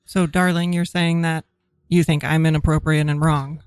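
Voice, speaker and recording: A woman guest improvising a playfully menacing wife who carves pumpkins year-round, with quick asides. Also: sits low, level tone, darkish tone, clean tone, no room sound. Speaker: guest, club co-owner. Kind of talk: improv scene.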